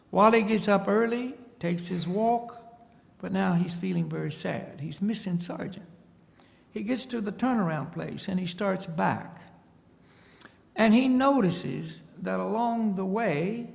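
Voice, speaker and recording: Gravelly high-voiced man teaching in a hall. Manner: tags points with a questioning "see?". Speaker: spiritual teacher. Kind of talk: storytelling lecture to an audience.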